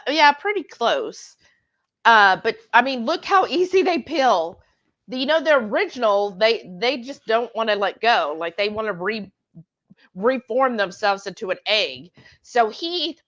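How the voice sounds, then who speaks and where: A woman co-hosting a cooking livestream from a home kitchen, chatty and excitable, bantering as she cooks. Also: fairly high pitch. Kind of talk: casual livestream cooking chat.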